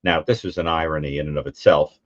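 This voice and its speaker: On a lo-fi recording with no echo, a call-in show co-host with an extremely low voice talks quickly through funny stories. He is an animated storyteller who mimics the people he describes and laughs often.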